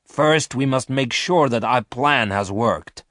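A man's voice: mid-range voice, takes it slowly, fairly bright tone, no room sound, studio quality, voice pushed up. A man voicing Garth, a harsh space thief boss. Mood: scheming. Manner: harsh, commanding. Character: ruthless male space thief leader.

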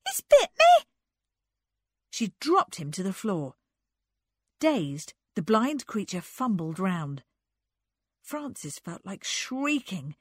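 Casting: unhurried audiobook narrator, woman, lively intonation, dry close sound. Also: medium pitch, slightly rough, no room sound. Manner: unhurried, expressive.

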